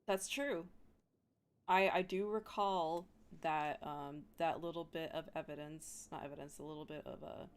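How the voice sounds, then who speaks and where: A woman's voice: low-pitched, steady tone, measured pace, clean tone. A young woman streamer chatting casually and rambling with lots of fillers and giggles. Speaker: vtuber streamer. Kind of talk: casual chat with viewers.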